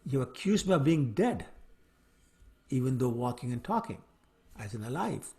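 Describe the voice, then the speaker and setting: A man voicing a calm, detached sage who patiently answers a king in a retold story. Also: medium pitch, normal speed, creaky, noisy background.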